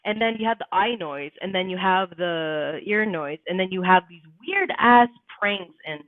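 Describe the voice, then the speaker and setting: A woman's voice: on the low side, normal speed, dry recording. A woman hosting a casual live-stream chat, talking bluntly and emphatically with plenty of swearing. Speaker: livestream host. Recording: tinny phone-like sound, dry.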